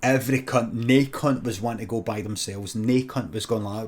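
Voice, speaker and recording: Deadpan Scottish man telling a sweary story. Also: fairly low pitch, breathy edge. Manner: deadpan, sweary narration with quick muttered asides. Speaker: comedian streamer. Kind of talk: improvised comic storytelling.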